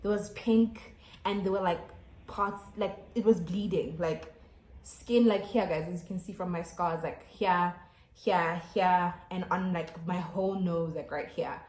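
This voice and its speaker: A woman's voice: on the low side, a little slow. Chatty South African woman, roomy sound. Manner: animated, chatty, many fillers and restarts, laughing through the story. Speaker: YouTuber. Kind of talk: storytime vlog. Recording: echoey room.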